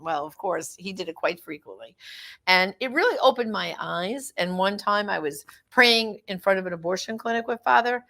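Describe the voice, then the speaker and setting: A middle-aged woman with a gravelly edge recounts her personal story in an easy, chatty way. She slips into the voices of the people she quotes as she goes. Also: fairly low pitch, moderate pace, pushed and bright. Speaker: guest telling her faith story. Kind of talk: casual personal testimony.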